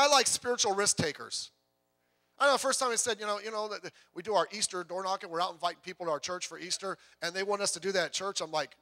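High, bright-voiced male pastor preaching. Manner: lively conversational preaching, jokes and self-repeats. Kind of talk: sermon.

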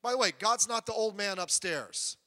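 A man preaching a sermon as pastor, animated, with sudden loud emphasis and quiet asides. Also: high-pitched, moderate pace. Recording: long reverb of a church hall.

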